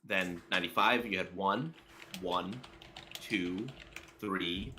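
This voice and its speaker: A man co-hosting a casual political commentary chat, often pausing with fillers as he reads through numbers. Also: low voice, bright, forceful tone, a little hiss or hum. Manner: reads out statistics haltingly, many fillers. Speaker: co-host.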